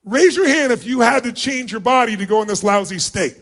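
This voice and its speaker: A middle-aged man giving a motivational seminar to a large crowd in a hall, commanding and often yelling instructions. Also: very high-pitched, lively intonation, fairly quick. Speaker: motivational speaker. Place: large hall with thousands of people.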